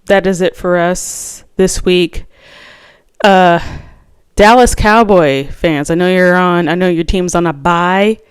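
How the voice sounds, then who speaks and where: A woman's voice: fairly low pitch, slow pace, clean tone. A woman host chatting casually and alone about her fantasy football picks, rambling with lots of restarts and fillers. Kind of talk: casual solo chat.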